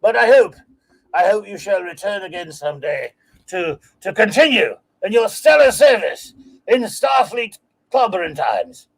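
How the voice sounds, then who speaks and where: A man's voice: high-pitched, sing-song, a little slow, gravelly, husky, heavily acted, low-quality recording. A man putting on a hammy fake-Cockney farewell. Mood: grandiose. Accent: attempted Cockney. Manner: grand, theatrical, loud. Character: mock-Cockney man bidding a viewer farewell.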